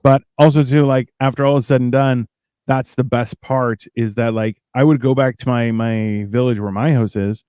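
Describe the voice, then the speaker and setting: A man's voice: medium pitch, steady tone, normal speed, warm tone, smooth, no echo. A man co-hosting a podcast in casual chat, a rambling storyteller who acts out other people's lines. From Canada. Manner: rambling storyteller, acts out quotes in raised voices. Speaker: podcast co-host.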